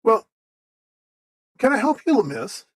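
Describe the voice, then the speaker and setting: A man's voice: very high-pitched, big pitch swings, slow pace, slightly rough, no echo, voice pushed up, heavily acted, poor audio. A man voicing a chatty, helpful male shopkeeper who rambles and hesitates with many fillers.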